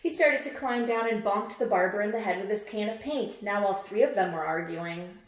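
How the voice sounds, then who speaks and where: A woman's voice: mid-range voice, normal speed, reverberant, a little hiss or hum. A woman teacher reading a picture book aloud and repeating words emphatically as she quizzes her listeners on word endings. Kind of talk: read-aloud phonics lesson.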